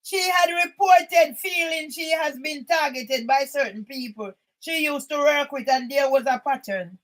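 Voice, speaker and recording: An older woman reads documents aloud and comments on them indignantly, often breaking into shouts. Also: high-pitched, unhurried, low-quality recording. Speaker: channel host.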